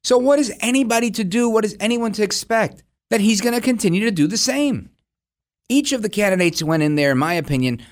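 A man hosting a political talk show, giving combative, sarcastic opinion commentary. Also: sits high.

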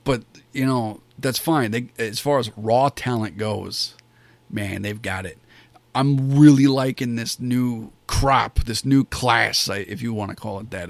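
A man's voice: lowish voice, creaky, no echo. A man giving a casual spoken review of a wrestling show, rambling and enthusiastic, with many fillers and restarts.

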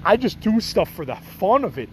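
A man's voice: sits high, big pitch swings, normal speed, slight background noise, rough recording. A middle-aged man from the Chicago area hosting a podcast, talking in a casual, rambling, profane way and laughing things off. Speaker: podcast host.

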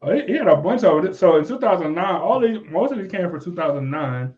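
A man's voice: high voice, sing-song, quick pace, dull audio. A man co-hosting a casual podcast chat, joking and laughing as he reads things out. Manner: laughs often while reading out tweets, loose and joking. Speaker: podcast co-host.

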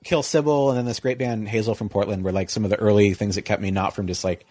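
A middle-aged man telling a long, rambling story in casual conversation, full of likes and you-knows, jumping into high mocking voices to quote people. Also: fairly even intonation, fast talker, warm tone, dry recording.

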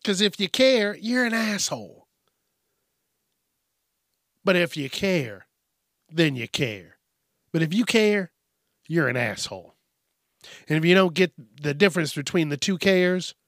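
A man rants through a news commentary in a profane, sarcastic, exasperated way, with a beer in hand. His voice sits a little high and his delivery is slow and deliberate. The recording is dry and close. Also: very animated, no room sound. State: drinking beer. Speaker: host.

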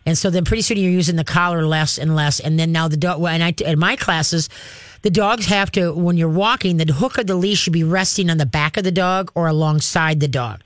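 A dog trainer hosting a call-in show, giving direct, practical advice and acting out calm commands to dogs. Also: mid-range voice, brisk, no echo.

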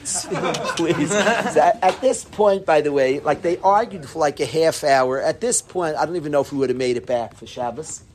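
A man telling a humorous personal anecdote to a group, animated and self-deprecating. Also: fairly high pitch, a little hiss or hum. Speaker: storyteller.

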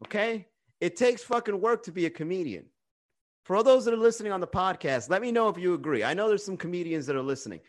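A stand-up comedian hosting a livestream rambles and roasts his chat with profane jokes, recorded on a phone. His voice sits high, and he talks fast and expressively.

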